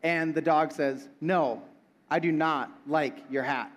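A man's voice: a little high, fairly even intonation, takes it slowly. A young man preaching a casual sermon, joking and asking the audience questions. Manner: playful, talks with the audience. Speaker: pastor.

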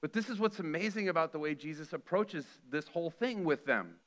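A man's voice: on the high side, lively intonation, a little fast, a bit bright. A middle-aged man preaching a sermon earnestly, acting out the quoted lines with feeling. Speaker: pastor.

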